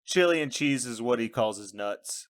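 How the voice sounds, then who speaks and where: Animated, joking podcast co-host. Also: medium pitch, moderate pace. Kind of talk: casual chat.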